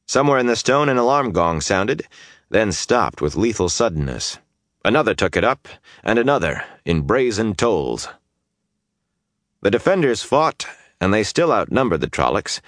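A man's voice: on the low side, fairly bright tone, no echo, clean studio sound. A man narrating a fantasy audiobook with intense, dynamic storytelling that swells through the battle scenes.

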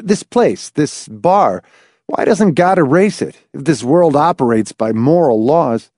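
A man's voice: on the high side, expressive, measured pace, a little mellow, no room sound, studio quality, voice pushed up. A male narrator voicing a weary, cynical man who mutters sardonically through clenched teeth. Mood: bitter. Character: weary, put-upon man, bitter and cynical.

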